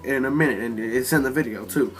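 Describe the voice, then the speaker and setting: A man rambles through a storytime monologue in a bright, forceful voice, swearing constantly as he retells what happened. His pitch sits at an ordinary middle height, and faint music plays behind him. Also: fast talker. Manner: profane, rambling, animated retelling. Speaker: storyteller vlogger.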